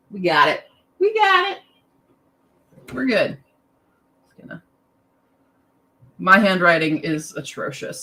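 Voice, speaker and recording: A woman's voice: medium pitch, sharp tone, poor audio. A tired young woman teaching a casual online lesson, chatty and self-deprecating, wandering into side remarks. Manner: chatty, self-deprecating, drifts into asides and laughs. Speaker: language teacher.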